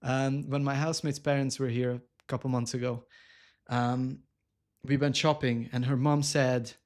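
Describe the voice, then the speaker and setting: A man chatting casually on a live cooking stream, animated and self-mocking, laughing often and reading viewer comments aloud. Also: medium pitch, moderate pace. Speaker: livestreamer.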